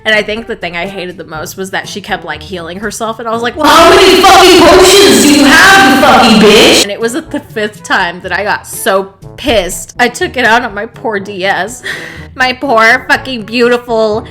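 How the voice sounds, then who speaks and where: A young woman tells a casual storytime vlog, animated and full of swearing and laughter. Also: medium pitch, moderate pace, faint music behind. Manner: animated, profane, laughs often. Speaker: vlogger.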